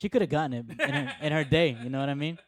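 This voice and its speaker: A man co-hosting a casual podcast, chiming in with quick quips and banter. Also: fairly high pitch, animated, no echo. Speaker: podcast co-host.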